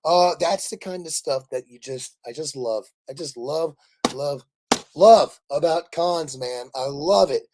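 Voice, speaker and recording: A man from Kansas City, Missouri, hosting a casual livestream, animated and laughing as he rambles through stories. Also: a little high, a little slow. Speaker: livestream host.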